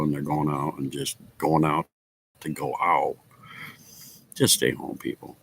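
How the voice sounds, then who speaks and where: A man's voice: rumbling low, fairly even intonation, unhurried, creaky, a little hiss or hum. A man chatting casually with viewers of his stream, laughing often and swearing casually. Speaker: livestream host chatting with viewers. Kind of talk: casual chat.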